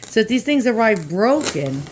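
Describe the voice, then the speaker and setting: A woman's voice: a little high, big pitch swings, normal speed, darkish tone, a little hiss or hum. A woman with a strong New York accent talks her viewers through an unboxing in a loose, chatty way. She is blunt and jokey, with the odd swear word tossed in. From New York, USA. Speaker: vlogger. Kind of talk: casual unboxing chat.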